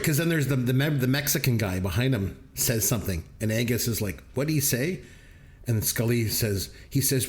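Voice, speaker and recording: A man co-hosting a movie review podcast, retelling scenes in a casual chat and laughing often as he goes. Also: medium pitch. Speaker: podcast co-host.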